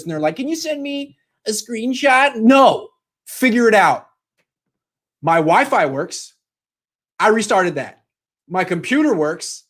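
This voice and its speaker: A man giving casual sports commentary with a sarcastic, ranting manner and quick asides. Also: high voice.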